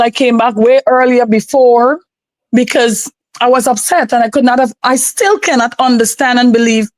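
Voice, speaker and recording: Guyanese lady pouring out her story on a podcast, kinda high voice, dry sound, keeps repeating herself. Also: no room sound, low-quality recording. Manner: earnest, emotional and repetitive. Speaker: podcast guest. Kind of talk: personal testimony.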